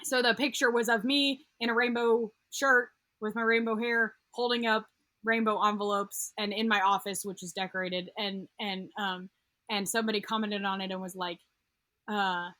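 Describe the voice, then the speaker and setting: A woman's voice: mid-range voice, steady tone, normal speed, sharp tone, no room sound. A young woman, a podcast guest, telling a personal story in casual interview talk, rambling with many fillers and restarts. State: getting emotional. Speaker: podcast guest, occupational therapist.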